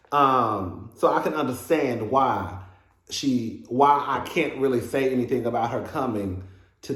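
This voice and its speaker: A mid-range male voice with a roomy sound delivers casual, gossipy commentary on a reality show episode. He's sassy and animated, breaking into laughing asides and often saying "girl."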